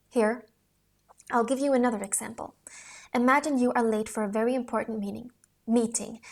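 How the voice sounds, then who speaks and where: A woman reading a book on acting aloud in an earnest, instructional way, sometimes dropping to a hush. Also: a little high. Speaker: audiobook reader.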